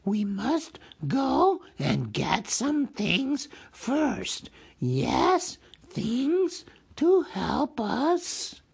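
A man reading a storybook aloud, voicing a slimy, sly male cave creature who hisses and drags out his words in a high, whiny sing-song. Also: huge pitch swings, vocal fry, breathy edge, full character voice. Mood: wheedling. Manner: drawn-out, sing-song, talks of himself as precious.

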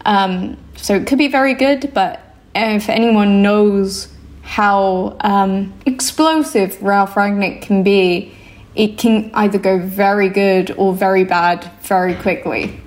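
A woman's voice: medium pitch, takes it slowly. Thoughtful young woman with many ums. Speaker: football analyst guest. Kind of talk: casual interview talk.

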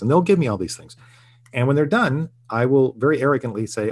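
A man's voice: mid-range voice, animated, fairly quick, darkish tone. An older man, a TV writer being interviewed, talking reflectively and earnestly, often restarting his sentences. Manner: reflective, earnest storytelling with frequent restarts and chuckles. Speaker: guest, TV writer and producer. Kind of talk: casual interview conversation.

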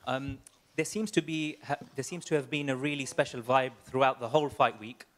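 Fast-talking male reporter. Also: medium pitch, fairly even intonation, a bit bright. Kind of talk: press conference questions.

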